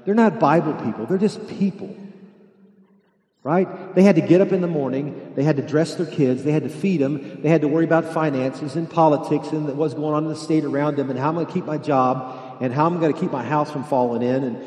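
A pastor tells a Bible story as a sermon and acts out the voices of its people. His voice is mellow and sits a little high. The sound carries the long, roomy echo of a big hall. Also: brisk. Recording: echoey hall, long reverb.

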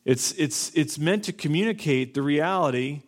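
A man preaching an expository sermon as pastor, talking deliberately and repeating key phrases. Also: fairly high pitch, expressive.

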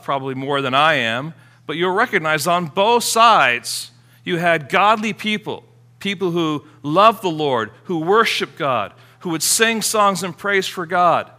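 A man's voice: fairly high pitch, pushed and bright. A man preaching a sermon in an earnest, conversational way, often restarting his phrases. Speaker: pastor.

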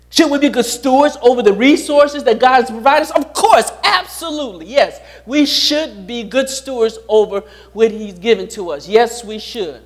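A pastor preaching a sermon, repeating his key lines and putting rhetorical questions to the congregation. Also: extremely high pitch.

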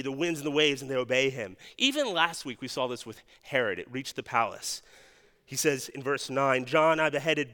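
A man's voice: on the high side, bright, forceful tone. A man preaching a sermon as pastor, earnest and questioning, often restarting his words. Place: church sanctuary. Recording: long hall reverb.

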